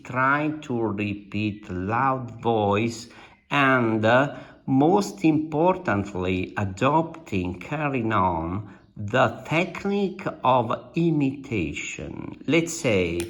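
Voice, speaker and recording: A man with an Italian accent teaching an Italian lesson, speaking slowly and deliberately with many fillers and restatements. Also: mid-range voice, a bit bright, lo-fi sound. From Italy. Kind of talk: slow language lesson.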